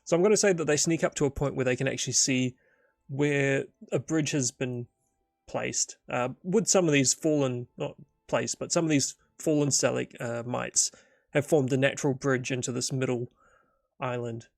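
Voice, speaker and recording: Gravelly man narrating a solo tabletop game. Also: medium pitch, steady tone, moderate pace, no room sound, clean studio sound. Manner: rambling, thinking aloud with many fillers.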